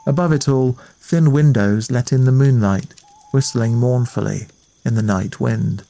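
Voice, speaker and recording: A man reading a ghost story aloud in a measured, atmospheric way as the storyteller. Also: mid-range voice, vocal fry, mellow. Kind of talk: scripted narration of a ghost story.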